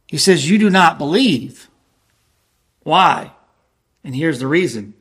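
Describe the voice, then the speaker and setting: A male preacher with a fairly high-pitched voice delivers an earnest sermon. He reads scripture aloud and leans hard on key phrases, slowing down to press them home. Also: animated, a bit bright, slightly rough.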